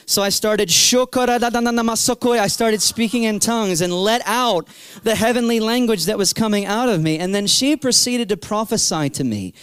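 A man in his thirties preaching a sermon, telling his story with animated energy and acting out his own past cries. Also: high voice, normal speed, smooth, no echo. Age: 30s.

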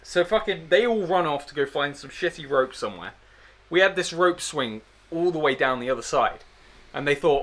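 A young man tells a story at a casual chat. His voice sits a little high and sounds bright and forceful. He swears freely, stays animated and makes fun of himself. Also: brisk, vocal fry. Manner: sweary, animated, self-mocking. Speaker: podcast guest storyteller.

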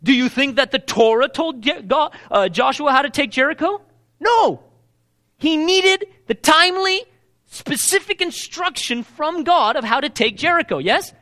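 A man preaching a sermon, asking the congregation questions and acting out the lines he quotes. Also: very high voice. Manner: animated, asks the crowd questions, acts out quoted lines.

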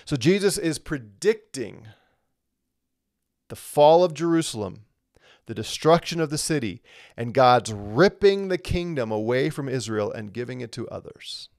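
A man leads a live-streamed Bible lesson in an easygoing, conversational way, reading viewer comments and answering them as he goes. His voice sits at an ordinary middle pitch. The sound is dry and close, with no room echo. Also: animated, unhurried, darkish tone. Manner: conversational, reads comments aloud, chuckles. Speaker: Bible teacher.

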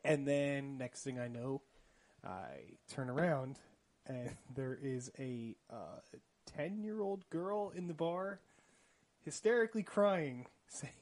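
A young man telling an awkward dating story in a casual podcast chat, animated and often laughing. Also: mid-range voice, slow pace. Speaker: podcast co-host.

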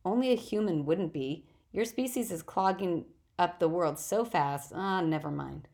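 A woman with a gravelly voice reading the lines of an earnest young male satyr in a storybook, wistful and at times indignant. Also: on the low side, measured pace, darkish tone. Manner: pleading, wistful, indignant at humans.

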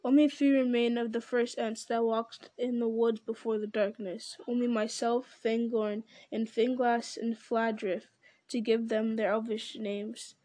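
A woman voicing an ancient, slow and grave male tree-giant in a storybook reading, speaking in a solemn, deliberate way. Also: a little high, level tone, mellow, no room sound, lightly acted. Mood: musing.

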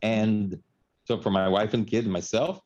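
A man from the Philippines, a radio host, telling a story in casual chat, animated and laughing, with Filipino words mixed in. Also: lowish voice, moderate pace, dull audio.

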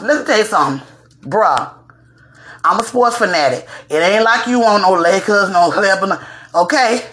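A woman hosting a celebrity gossip show, talking in a sassy, animated way and bursting into shouts. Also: on the high side. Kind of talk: casual gossip commentary. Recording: echoey room.

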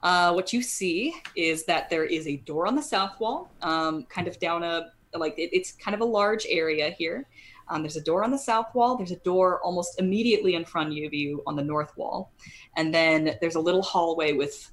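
A woman's voice: lowish voice, normal speed. A woman narrating a tabletop horror game as game master. She describes each scene in a rambling way and corrects herself as she goes.

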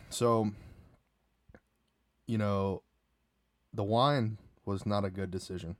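A man's voice: fairly low pitch, steady tone, a little slow, long pauses, clear, resonant tone, dry recording, studio quality. A young man telling a casual, rambling story about a night out, full of restarts and fillers.

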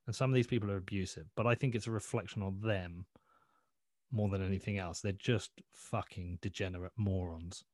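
A man's voice: low-pitched, fairly even intonation, fairly quick, darkish tone, no room sound, studio quality. A man talking as a podcast guest in a blunt, sweary, rambling way, often restarting his sentences. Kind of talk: casual interview chat.

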